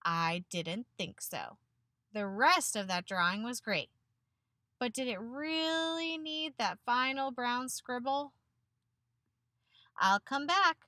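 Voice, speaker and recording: A woman's voice: a little high, slow, pauses often, sharp tone, no echo, clean studio sound. Woman reading as an embarrassed brown crayon. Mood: wry, upset. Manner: wry, complaining letter-writer.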